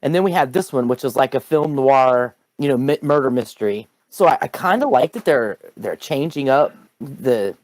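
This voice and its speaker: A man on a podcast panel who gropes for words, stopping and restarting mid-sentence. His voice is medium in pitch, and the sound is dry and close, with no echo. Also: lively intonation, darkish tone. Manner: halting, restarts his phrases. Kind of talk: casual chat.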